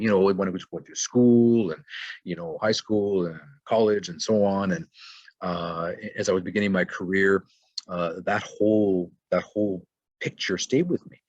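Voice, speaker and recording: Husky deep-voiced man giving motivational talk. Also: no echo, muffled recording. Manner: rambling, loose, many fillers and restarts. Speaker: webinar presenter.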